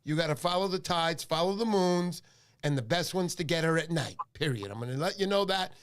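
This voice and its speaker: A man hosting a fishing livestream, chatting in an animated, joking, rambling way. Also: on the high side, fairly quick, clear, resonant tone. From New York. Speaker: livestream fishing show host. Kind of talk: casual livestream chat.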